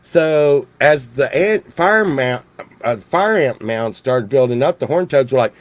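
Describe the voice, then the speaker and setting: A man's voice: mid-range voice, animated, measured pace, no room sound. A man from Texas, rambling jokily in a casual monologue full of restarts and swearing. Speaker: vlogger.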